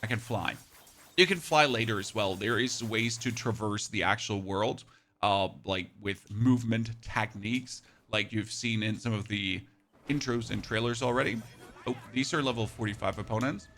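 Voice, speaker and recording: German man narrating gameplay, gravelly edge. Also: lowish voice, a bit bright, a little hiss or hum. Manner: enthusiastic, rapid play-by-play calls. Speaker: gaming youtuber. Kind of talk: gameplay commentary.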